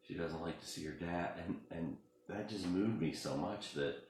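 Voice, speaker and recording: A man who is a pastor, talking through a personal story in a halting, emotional way with many restarts. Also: low-pitched, vocal fry, heavy reverb, slight background noise. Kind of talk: personal reflective talk.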